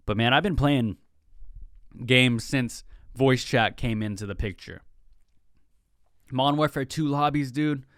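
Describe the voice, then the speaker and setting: A young man in his twenties hosts his own podcast, chatting in a loose, rambling way and slipping into quick impressions of people he quotes. His voice is smooth and clear at an ordinary middle pitch. The sound is dry and close, with no room around it. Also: fairly bright tone, no echo. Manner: rambling, chatty, acts out quoted gamer talk. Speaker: podcast host. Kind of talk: casual solo podcast monologue.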